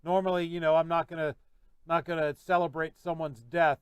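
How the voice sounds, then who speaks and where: A man hosting a podcast, hoarse from losing his voice, giving sarcastic, ranting commentary. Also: a little high, flat delivery, a little fast, no echo. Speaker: podcast host. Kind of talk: opinionated commentary.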